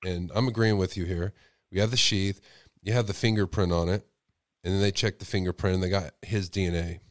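A man's voice: sits low, fairly even intonation, fairly quick, no room sound, clean studio sound. Sick man hosting a call-in show. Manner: speculative, asks rhetorical questions. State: sick with a cold. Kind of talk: casual call-in show talk.

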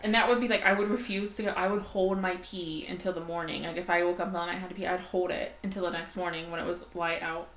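A woman co-hosting a casual chat podcast, telling stories with lively quoted voices. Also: fairly low pitch, very fast, hardly any pauses. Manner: animated storyteller, acts out quoted voices. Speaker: podcast co-host. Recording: echoey room, faint ambient noise.

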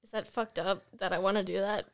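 A woman's voice: medium pitch, steady tone, brisk. A young woman, a psychology student and podcast guest, chatting and telling stories with lots of "like" fillers. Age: young adult. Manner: chatty storyteller, many "like" fillers. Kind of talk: casual podcast chat.

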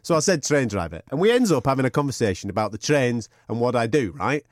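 Animated man telling a story. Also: mid-range voice, fast talker, no room sound, clean studio sound. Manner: animated anecdote with sweary banter and laughter. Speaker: podcast co-host. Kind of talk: casual storytelling chat.

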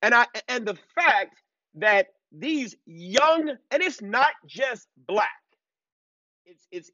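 A man's voice: high-pitched, pushed and bright, no echo. A man in his thirties hosting a live-streamed commentary lecture, emphatic and drawn out, full of fillers and repeated "okay?" checks. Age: 30s. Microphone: laptop. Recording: dull lo-fi and dry.

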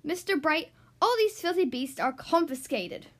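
A woman booming as a furious headmistress. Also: big pitch swings, exaggerated voice. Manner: booming, slow and clipped. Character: bossy, bellowing female headmistress who hates animals.

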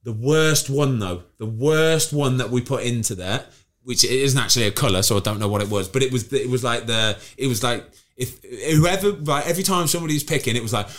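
A man, hosting a casual podcast and telling animated, slangy stories. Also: medium pitch, fairly quick. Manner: animated, slangy storyteller who laughs at his own tales. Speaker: podcast host, former footballer. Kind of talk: casual chat, anecdote telling.

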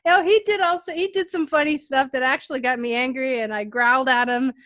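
A woman's voice: high voice, a little fast, fairly bright tone, dry recording. A woman chatting in a bubbly way and laughing as she shares an anecdote. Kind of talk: casual chat. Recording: dry close sound.

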